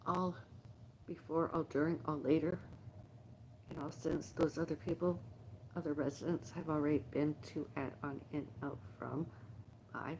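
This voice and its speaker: Middle-aged woman host, low gravelly voice, rambling emotional phone livestream. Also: fairly even intonation, darkish tone, a little hiss or hum. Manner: halting, emotional, repetitive lists. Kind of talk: rambling personal monologue.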